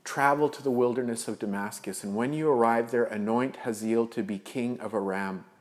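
A man giving voice to a calm, patient divine figure, speaking steadily in his own voice. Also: medium pitch, normal speed, lightly acted.

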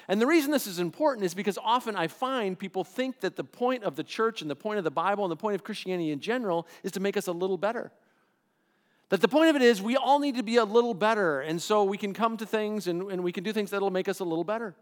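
High-voiced conversational male preacher. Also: fast. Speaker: pastor. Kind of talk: sermon.

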